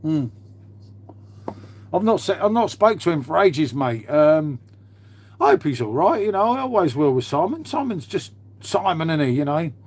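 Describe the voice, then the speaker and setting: A man's voice: fairly high pitch, big pitch swings, moderate pace, a little mellow. A man, host of his own livestream, chatting casually and swearing freely. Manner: blokey, swears freely, says "mate" a lot.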